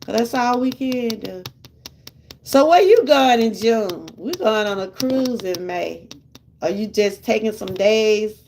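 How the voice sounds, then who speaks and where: A woman's voice: fairly high pitch, expressive, slow pace, a little mellow, slight background noise. An older woman with a Southern US accent, chatting casually with her live viewers and laughing often. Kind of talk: casual live-stream chat.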